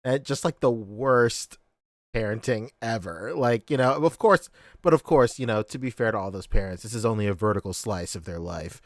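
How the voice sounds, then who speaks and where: A man's voice: on the low side, normal speed, no echo, clean studio sound. A man co-hosting a toy and comic podcast, telling stories in casual chat, laughing often and swearing. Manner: laughs a lot, swears, rambling storyteller. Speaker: podcast co-host.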